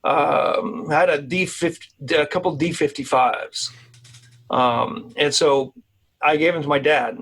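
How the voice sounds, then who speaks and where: A man's voice: a little high, measured pace, creaky, a bit bright, poor audio. A man with a Quebec French accent, a guitarist guest on a video call interview, telling a story in a rambling way with many restarts. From Quebec, Canada.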